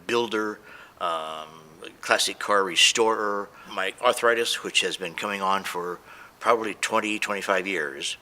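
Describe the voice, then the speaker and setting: A man's voice: low-pitched, unhurried, pushed and bright. A man giving an unscripted, emotional testimonial as a patient, hesitant, with many fillers and restarts.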